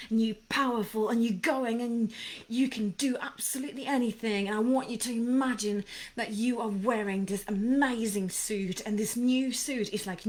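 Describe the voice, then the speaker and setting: A woman hosting a motivational talk, speaking with passion and rambling through many restarts and asides. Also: mid-range voice. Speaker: podcast host.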